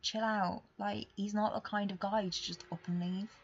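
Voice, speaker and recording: A young woman hosting a podcast, talking candidly in a rambling, confessional way that swings between quiet and emphatic. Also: medium pitch, fairly even intonation, normal speed, gravelly, breathy edge, highs cut off. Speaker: podcast host. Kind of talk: casual confessional monologue.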